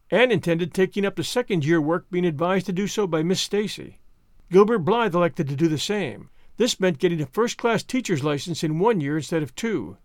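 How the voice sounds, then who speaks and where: A man narrating a classic novel in a measured, expressive storytelling voice. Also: sits high, no echo, studio quality. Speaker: audiobook narrator. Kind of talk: scripted narration.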